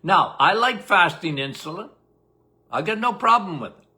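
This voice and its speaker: Hosting a laid-back live-stream, this older man speaks in a high, animated voice that's bright and forceful. He greets viewers by name at a quick clip, fields questions chattily, and pokes fun at himself with a laugh.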